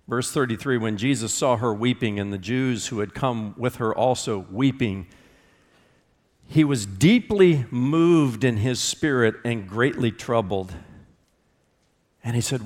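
A man preaching a sermon, swinging between loud, rising questions and hushed, low passages, and reading scripture aloud in an even storytelling tone. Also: takes it slowly, pauses often, in a large hall. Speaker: pastor.

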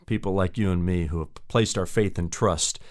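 A man's voice: sits low, normal speed. A man preaching a sermon as a pastor, earnestly addressing the listener as friend.

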